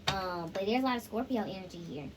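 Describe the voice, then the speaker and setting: A woman's voice: mid-range voice, fast talker, noisy background. A woman giving a casual tarot reading, talking straight to viewers and breaking into song snippets. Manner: chatty, sings snippets, addresses viewers directly. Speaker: tarot reader.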